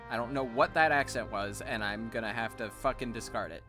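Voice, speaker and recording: A man's voice: medium pitch, a little fast, hardly any pauses, bright, forceful tone, faint music behind. A man streaming a game and chatting casually in an offhand, sometimes swearing way. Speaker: streamer, voice actor.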